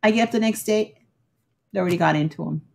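A woman chatting casually as a YouTube host, animated and quick to exclaim. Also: fairly low pitch, gravelly. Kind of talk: casual chat.

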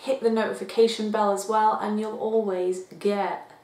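A woman giving a chatty, expressive movie review, talking casually to her viewers. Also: mid-range voice, moderate pace. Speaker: film reviewer. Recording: echoey room.

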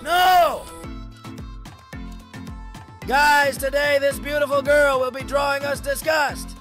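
A man with a strikingly high, bright voice reacts to clips for his viewers. He drags his words out slowly, then bursts into loud, excited exclamations as he calls out to the audience. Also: soft background music. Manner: shouty, exclamatory, talks to viewers. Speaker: video reactor.

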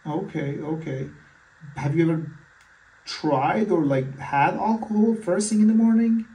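This man, taking the doctor's part in a simulated consultation, speaks unhurriedly in a mellow, slightly high voice, faltering with fillers and restarts. The audio has its highs cut off and was captured far from the mic in an echoey room.

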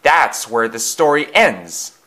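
A man's voice: medium pitch, sing-song, slow pace, bright, forceful tone, heavily acted. A man voicing a vain, sly male engine who loves pranks. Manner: sly, teasing.

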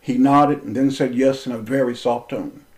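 A man tells a personal story as a passionate, confrontational monologue, cursing freely and shifting between raised and lowered speech. His intonation is fairly even and his voice a bit mellow at a moderate pace, captured on a low-quality recording.

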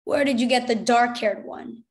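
A woman's voice: fairly high pitch, normal speed, close to an everyday voice. A woman reading aloud, voicing a harsh adult male officer who barks cold, demanding orders. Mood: scornful.

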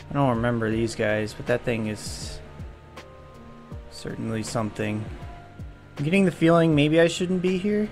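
A man giving comedic gameplay commentary, jumpy and self-mocking, yelping and groaning whenever danger shows up. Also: fairly high pitch. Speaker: gaming video creator.

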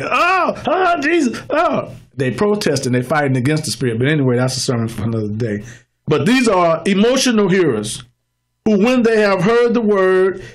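Male pastor, higher-pitched voice, teaching sermon with plain everyday examples. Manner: explains scripture in plain examples, slows down to read verses and acts out churchgoers.

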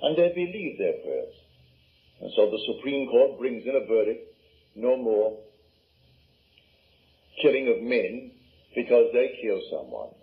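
Older male lecturer with a Barbadian accent, emphatic, middle-pitched, on a thin phone-like archive tape. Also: sing-song, measured pace, long pauses. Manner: emphatic, rhetorical questions. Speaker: lecturer on scripture and imagination. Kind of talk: spoken lecture. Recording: tinny lo-fi archive recording.

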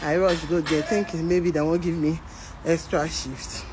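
A woman's voice: low-pitched, moderate pace. A woman from Nigeria with a Nigerian Pidgin accent, telling a personal story in a casual monologue and acting out the voices of people in it. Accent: Nigerian Pidgin English. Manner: animated, mimics voices in the story. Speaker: care worker telling her story. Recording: outdoor traffic noise.

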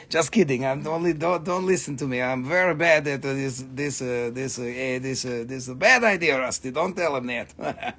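A man's voice: mid-range voice, normal speed, sharp tone, breathy edge. A man hosting a live sale of rocks and crystals, chatting casually with profane, teasing jokes. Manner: joking, profane, teasing banter; trails off with repeated fillers when flustered. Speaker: host selling rocks and crystals on a live stream. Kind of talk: casual live sales chat.

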